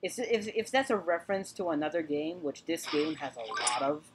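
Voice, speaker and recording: A woman with a somewhat low voice narrates her gameplay in a loose, chatty way. She repeats words and talks straight to the enemies on screen, and a clear layer of noise sits under her voice in the recording. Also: a little fast. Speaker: gaming channel host. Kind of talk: let's play commentary.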